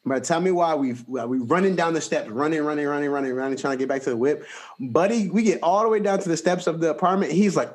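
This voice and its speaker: A young man hosting a podcast, telling a story in a casual, animated, slangy way. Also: fast. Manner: animated, slangy storytelling with big pitch jumps. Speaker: podcast host.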